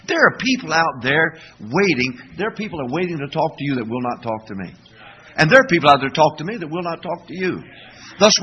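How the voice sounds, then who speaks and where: A man's voice: a little high, pushed and bright. A middle-aged man preaching a sermon, folksy and emphatic, calling for responses from the congregation. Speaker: pastor.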